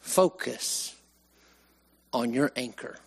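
A man preaching a sermon, swinging from raised emphasis to hushed, slow lines. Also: medium pitch, creaky, slightly rough. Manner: animated, with sudden rises and hushed drops.

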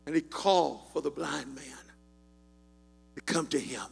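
A man preaching a sermon in a church, swinging from quiet storytelling into shouted, sing-song exhortation. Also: on the high side, a little slow, gravelly, pauses often, breathy edge, long reverb tail, soft background music. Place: church sanctuary.

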